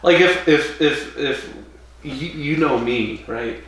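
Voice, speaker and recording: A man co-hosting a casual podcast chat, animated and rambling, laughing often between his thoughts. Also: on the high side, takes it slowly. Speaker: podcast co-host. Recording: echoey room, mic at a distance.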